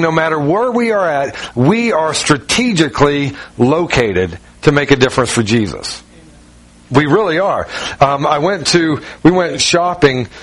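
A man with a Southern US accent, from Ohio, preaching in a relaxed, folksy, self-mocking way with many fillers. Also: on the high side. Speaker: pastor. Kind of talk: conversational sermon.

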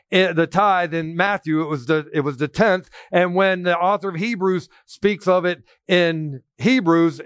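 Guy preaching a sermon, high-ish voice, really emphatic, dry close sound. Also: fairly bright tone, no room sound. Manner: emphatic preaching, quoting scripture in a raised voice. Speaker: pastor.

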